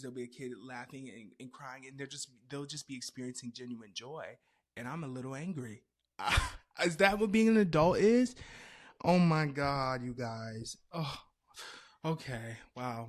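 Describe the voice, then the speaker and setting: A man in his twenties hosting a podcast, telling stories in a loose, animated way with playful asides. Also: mid-range voice, moderate pace. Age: 20s. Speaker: podcast host. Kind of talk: casual chat.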